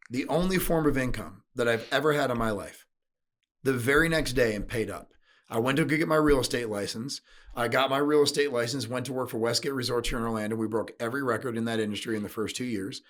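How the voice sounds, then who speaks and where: Middle-aged man, interview guest, sales speaker; candid and blunt, swears freely, mid pitch. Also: brisk, fairly bright tone. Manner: blunt, emotional, swears casually.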